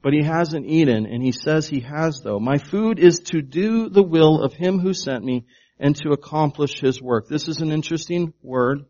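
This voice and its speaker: A man's voice: a little high, normal speed, dark tone, highs cut off. A man preaching a sermon, emphatic and shifting his volume to stress words, often asking his congregation questions. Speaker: pastor.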